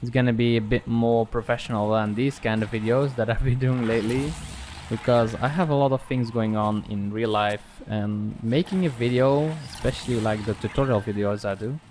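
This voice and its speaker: A man giving casual, relaxed commentary over his own gameplay, pausing often with ums and restarting sentences. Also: mid-range voice. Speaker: gaming channel host. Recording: clear background noise.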